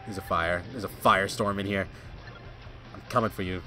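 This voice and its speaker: A man streaming live gameplay, reacting excitedly, yelling and laughing at the game. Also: low voice, moderate pace, faint music behind. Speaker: gaming streamer.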